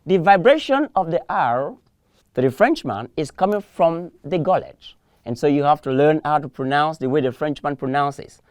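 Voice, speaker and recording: Woman, French teacher, patient pronunciation drills, lower voice, dry close sound. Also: animated, moderate pace. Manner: patient drilling, repeats words for learners to echo; encouraging, gently corrects mispronunciations. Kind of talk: televised language lesson.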